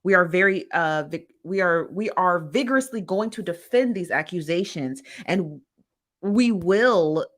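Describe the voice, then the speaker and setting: A woman's voice: on the low side, expressive, measured pace, fairly bright tone. A woman hosting a casual live stream, reading viewer comments aloud and answering them. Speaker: host reading live chat.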